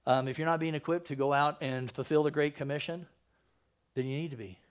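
A man's voice: a little high, fairly even intonation, a little fast, clean tone. A man preaching as a pastor, casual and joking with slangy asides, who also reads scripture aloud and stumbles over the names. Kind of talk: sermon.

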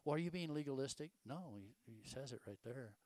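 A man's voice: medium pitch, lively intonation, brisk, darkish tone, no room sound. An older man, preaching a casual, folksy sermon full of rhetorical questions and stories. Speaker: pastor.

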